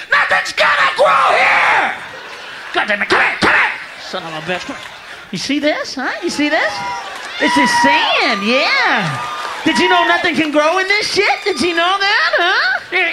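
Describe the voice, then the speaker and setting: A man playing an enraged, profane American man who yells and curses, recorded live with a noisy crowd behind. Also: very high voice, heavily acted. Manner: ranting, cursing, shouting. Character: furious profane American man yelling at villagers.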